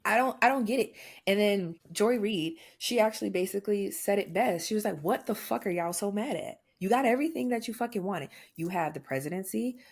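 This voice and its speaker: A young adult woman co-hosting a podcast, talking in blunt, profane, animated rants in casual chat. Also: mid-range voice, fairly quick, hardly any pauses, slightly rough. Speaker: podcast co-host.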